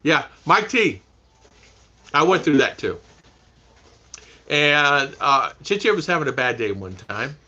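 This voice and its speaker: A man's voice: on the high side, very animated, slow, long pauses, pushed and bright, muffled recording. A man hosting a casual live stream, chatting with viewers, reading their names aloud and laughing often. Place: home in the Philippines.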